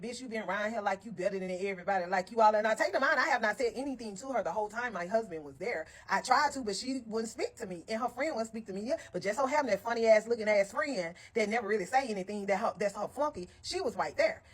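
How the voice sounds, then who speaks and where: A woman telling a story to her viewers in a casual, animated and blunt way, heavy on profanity, with frequent asides to her listeners. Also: a little high, fast talker, hardly any pauses, breathy edge.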